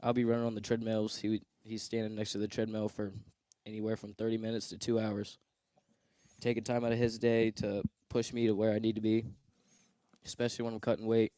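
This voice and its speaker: Teen wrestler kid, low-ish voice, modest matter-of-fact answers. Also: male voice, little pitch movement, fairly quick, warm tone, smooth, no room sound. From Ohio. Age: teens. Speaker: guest high school wrestler. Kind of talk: interview answers.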